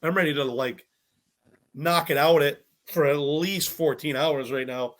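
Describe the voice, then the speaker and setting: A young man, a podcast guest telling stories from a cooking show in a bubbly, animated way, acting out other people's lines and swearing freely. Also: fairly high pitch, measured pace. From Massachusetts, US. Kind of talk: casual storytelling chat.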